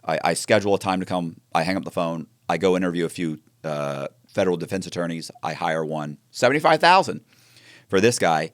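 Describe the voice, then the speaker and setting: A man telling his story in an interview, animated and acting out the dialogue with frequent restarts. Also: low voice, fairly quick, no echo, clean studio sound. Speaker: interview guest.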